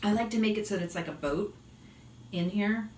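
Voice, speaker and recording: A woman's voice: mid-range voice, brisk, darkish tone, distant mic. Chatty woman with slight Boston accent. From Boston area. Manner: chatty, giggly, talks to viewers. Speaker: vlogger and yoga teacher. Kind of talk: casual cooking chat. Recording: roomy and off-mic with faint noise.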